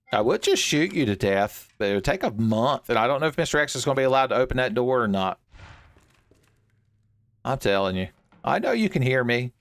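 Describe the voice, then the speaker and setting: A man hosting a let's play, joking around and talking to the enemies on screen while he plays. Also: on the low side. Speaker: gaming channel host.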